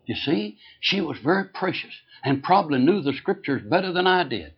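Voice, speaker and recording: A man's voice: a little high, expressive, brisk, few pauses, breathy edge, dull audio. A man preaching an emphatic sermon, telling a story and repeating points for stress.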